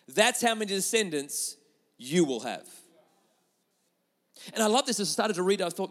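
A man preaching a sermon with lots of energy, moving between loud emphatic lines and quiet, intimate asides. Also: high voice, expressive, normal speed. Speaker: pastor. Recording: long hall reverb.

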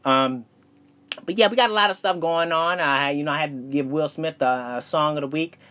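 Young man, bright forceful voice, rambling, profane, solo podcast host. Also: fairly high pitch, moderate pace. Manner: loose, profane, rambling with fillers. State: out of breath. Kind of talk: casual solo podcast rant.

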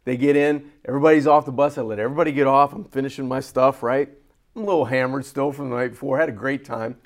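A man co-hosting a sports talk show, telling a story in a lively way and acting out the voices of the people in it. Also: mid-range voice, fast talker. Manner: animated, acts out quoted voices. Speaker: co-host. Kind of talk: casual storytelling.

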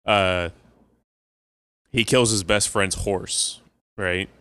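Man for casual podcast banter: lowish, bright, crisp voice, rambling storyteller. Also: moderate pace, dry recording, studio quality. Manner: rambling storyteller, laughs at own stories. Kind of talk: casual chat.

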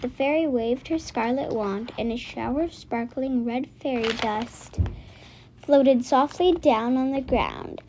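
A woman reads a children's chapter book aloud as the host of her own story channel. Her voice is high and her pace is slow and careful, with small stumbles as she reads along. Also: background noise. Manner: slow, careful, some slips.

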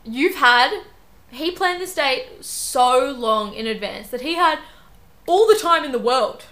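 A woman's voice: sits high, expressive, slow, pushed and bright. A young woman co-hosting a podcast in casual chat, teasing her friend with blunt quips. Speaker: podcast co-host.

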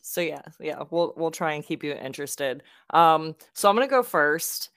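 A woman's voice: sits low, lively intonation, moderate pace, fairly bright tone, dry recording, clean studio sound. A young woman from South Florida, co-hosting a podcast and telling a casual story with plenty of ums and laughs between sentences. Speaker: podcast co-host.

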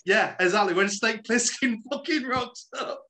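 A man's voice: sits high, moderate pace, crowd noise. A man co-hosting a podcast, making dry, wry remarks about a film and often repeating his openings. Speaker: podcast co-host. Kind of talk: casual chat, film review.

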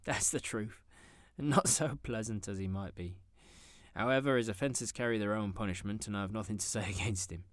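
A man's voice: lowish voice, moderate pace, dry recording, clean studio sound, close to an everyday voice. A man voicing a jovial young man who laughs heartily, in a storybook reading. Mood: merry. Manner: hearty, laughing, bright delivery.

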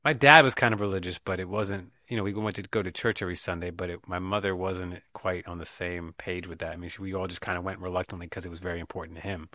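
A man's voice: sits low, fairly even intonation, fast, few pauses, sharp tone, no echo, highs cut off. A man co-hosting a podcast, telling rambling stories in crude, casual chat. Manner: profane, rambling storyteller. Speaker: podcast co-host.

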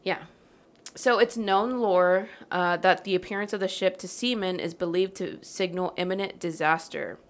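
A woman's voice: on the low side, fairly even intonation, normal speed. A woman hosting a podcast, reading a legend aloud in a casual, joking way, swearing and laughing as she goes. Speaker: podcast host. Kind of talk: casual storytelling chat.

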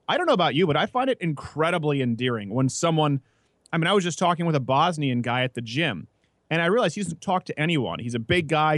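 A man hosting a casual political talk show, brash and mocking, talking fast. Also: a little high, no room sound, clean studio sound. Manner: brash, quick, mocking, with put-on voices. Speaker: podcast host.

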